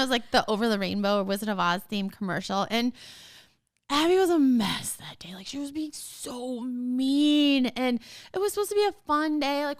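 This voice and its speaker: Bubbly middle-aged woman, bright and lively. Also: high voice, clear, resonant tone. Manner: bubbly, laughs often, animated storytelling. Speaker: guest, dance mom. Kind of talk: casual interview chat.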